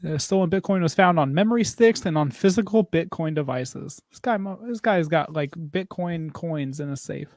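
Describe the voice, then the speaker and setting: A man's voice: on the high side, normal speed, hardly any pauses, darkish tone, no room sound, studio quality. A man who installs home tech, co-hosting a podcast with chatty, self-mocking banter. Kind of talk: casual chat.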